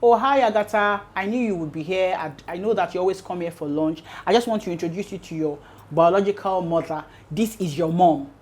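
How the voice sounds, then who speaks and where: A woman's voice: lowish voice, brisk, darkish tone, close to an everyday voice. A woman voicing a meddling aunt who bluntly drops family news. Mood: breezy.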